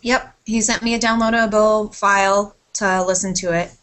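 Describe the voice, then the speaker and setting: A woman's voice: mid-range voice, steady tone, normal speed, fairly bright tone. Rambling woman telling a long story. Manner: swears casually and apologizes a lot. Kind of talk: casual chat.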